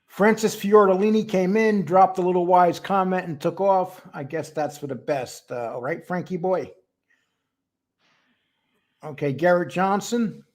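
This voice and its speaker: A man's voice: high-pitched, measured pace, a little mellow. Chatty man hosting a live stream. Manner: chatty, greets viewers by name one after another. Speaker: host of a live stream show. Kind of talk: casual live-stream chat.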